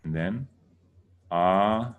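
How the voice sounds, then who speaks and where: A man's voice: deep voice, very slow, clear, resonant tone, phone-quality sound. A man giving a casual lesson, patiently repeating words to correct how people say them. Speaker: teacher.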